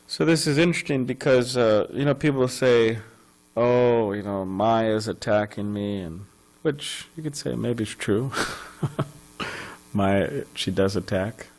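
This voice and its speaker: A man's voice: lowish voice, slow, a little mellow, rough recording. A man giving a scripture class at a temple, telling a story conversationally with many fillers and restarts. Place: temple hall.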